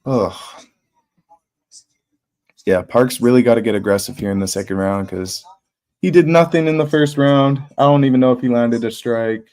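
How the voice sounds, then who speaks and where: A young man calling a fight live on his stream, with a middle-pitched voice. He talks casually and bluntly and throws in slang and swears. His tone moves between flat and fired up. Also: normal speed, long pauses. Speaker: livestream host. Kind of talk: live fight watch-party commentary.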